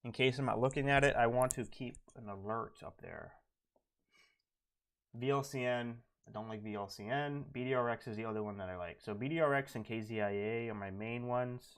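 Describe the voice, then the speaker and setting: A man's voice: medium pitch, fairly quick. A man streaming live as a day trader, talking casually and thinking aloud, his voice dropping to mumbled asides as he reads charts and headlines. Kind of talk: live trading commentary.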